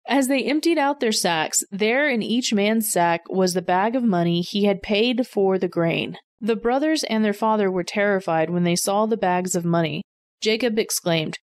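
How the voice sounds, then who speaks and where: A woman reading a scripture passage aloud in an even, measured narration. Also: medium pitch. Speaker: Bible reader.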